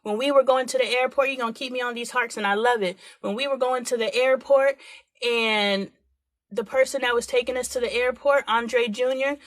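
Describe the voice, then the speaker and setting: A woman in her forties talks candidly on her live stream, her voice sitting a little high and bright. She speaks frankly and with animation, slipping into quoted voices as she tells her stories. The sound is dry and close, with no room around it. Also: fairly even intonation, brisk, no echo. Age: 40s. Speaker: livestream host.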